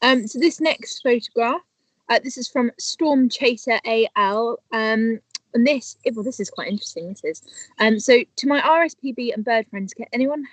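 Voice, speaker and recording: A woman's voice: a little high, normal speed, no echo, low-quality recording. Woman co-hosting a live stream, upbeat, teases her co-host, reads viewer posts, dry close sound. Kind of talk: casual live-stream chat.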